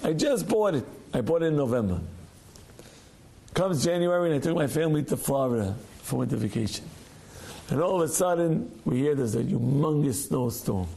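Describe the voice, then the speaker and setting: A man, a rabbi, giving a Torah class as a lively storyteller who acts out the voices of people in his stories. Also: on the high side, normal speed, creaky.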